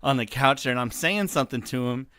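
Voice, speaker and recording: A man's voice: mid-range voice, quick pace, sharp tone, smooth, no room sound. A man co-hosting a podcast, telling a story with enthusiasm and frequent laughs. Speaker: podcast co-host. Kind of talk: casual storytelling chat.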